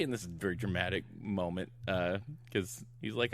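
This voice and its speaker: This is a middle-aged podcast co-host running through a film's plot in casual conversation, with a fairly low, expressive voice. He talks quickly with few pauses, laughing often and acting out what the characters say.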